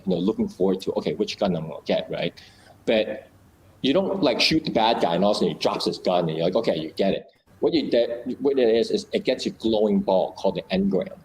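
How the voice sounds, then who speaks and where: A man with a fairly low voice talks casually and explains ideas through small scenes he acts out. He often restarts sentences and leans on fillers. A faint noise sits behind his voice. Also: a little mellow, low-quality recording.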